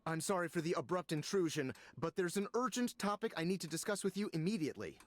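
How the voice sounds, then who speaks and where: An actor playing an earnest, worried tech scientist who gives urgent explanations in video game character dialogue. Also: male voice, fairly high pitch, big pitch swings, fast talker.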